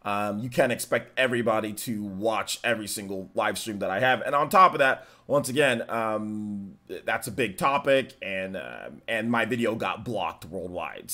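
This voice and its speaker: A man's voice: medium pitch, a bit bright. A man hosting a casual live stream, greeting viewers by name and teasing the chat in slangy, laid-back talk. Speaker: livestream host.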